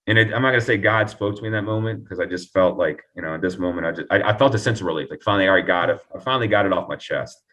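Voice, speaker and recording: A man telling his recovery story earnestly and reflectively as an interview guest, often pausing and restarting. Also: sits low, bright, forceful tone, distant mic.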